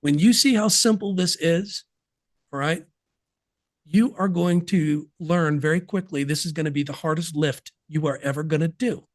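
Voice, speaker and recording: A man's voice: a little high, moderate pace, no room sound, studio quality. A man guesting on a podcast interview, talking about business systems in an emphatic, folksy way with sports analogies.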